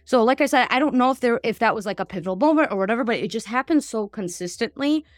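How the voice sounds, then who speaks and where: Animated woman chatting on a podcast. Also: a little high, no echo, studio quality. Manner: animated, talks fast with many fillers and asides. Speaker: gut health practitioner and podcast host. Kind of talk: casual podcast conversation.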